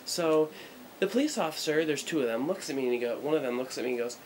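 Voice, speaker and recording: A man's voice: fairly high pitch, animated, quick pace, a little hiss or hum, low-quality recording. Rambling young American guy vlogging. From United States. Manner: rambling, irreverent, many fillers. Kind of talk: casual travel vlog. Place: small hotel room.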